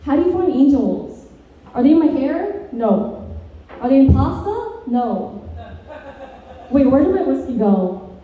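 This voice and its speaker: A woman performing a stand-up comedy set, delivering deadpan dark one-liners that slip into sing-song lilts. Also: high-pitched, a little slow, long pauses, narrow, tinny audio, a little hiss or hum. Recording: very echoey room, distant mic.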